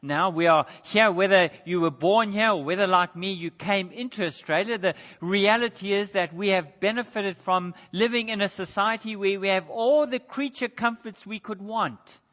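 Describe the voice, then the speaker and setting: Male preacher with a high-pitched voice, earnest and emphatic, in a long-reverb hall on a dull recording. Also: moderate pace, few pauses, a bit bright. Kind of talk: sermon.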